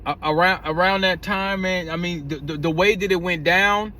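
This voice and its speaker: High-voiced rambling male vlogger. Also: steady tone, normal speed, bright, forceful tone. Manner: rambling, slangy, stumbles and repeats words. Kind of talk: casual vlog commentary.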